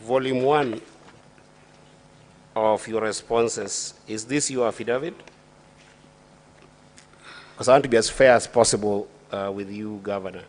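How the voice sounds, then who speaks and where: Deliberate Kenyan man, lower voice. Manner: deliberate, halting, with frequent fillers and restarts. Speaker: senator questioning a witness. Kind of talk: formal questioning at a hearing. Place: senate chamber.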